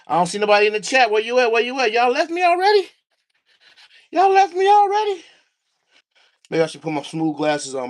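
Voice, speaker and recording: A man hosting a casual livestream from his basement, talking to his chat and his dog, a little out of breath. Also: high voice. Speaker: livestream host. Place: home basement studio. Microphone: no mic, room sound.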